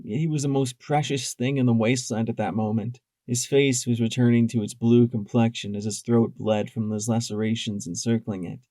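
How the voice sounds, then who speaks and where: A man's voice: mid-range voice, no room sound. Guy narrating a fan audiobook, emotive, mid voice, totally dry close mic. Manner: emotive, shifting from tense to hushed.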